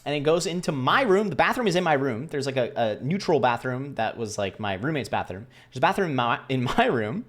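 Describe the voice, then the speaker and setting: A man's voice: mid-range voice, big pitch swings, fairly quick, few pauses, fairly bright tone. A young man casually telling a story to camera in a rambling, self-deprecating way, acting out the voices of the people he quotes. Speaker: vlogger.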